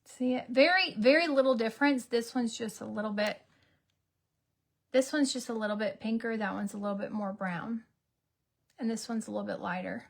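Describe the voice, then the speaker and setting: Casting: woman in her thirties, self-mocking beauty vlogger, a touch high-pitched. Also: moderate pace, vocal fry. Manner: chatty, self-mocking, drops into whispers for asides. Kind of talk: casual get-ready-with-me chat.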